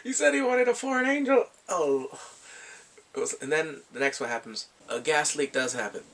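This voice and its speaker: A man casually retelling a film's plot as a movie reviewer, animated, laughing often and acting out quotes in squeaky voices. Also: normal speed, recorded from a distance.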